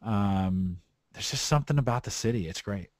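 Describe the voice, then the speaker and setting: A man from the San Francisco Bay Area hosting a podcast, talking in a relaxed, rambling way. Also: on the low side, moderate pace, no echo. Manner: relaxed, rambling, frequent restarts. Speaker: podcast host. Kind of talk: casual chat.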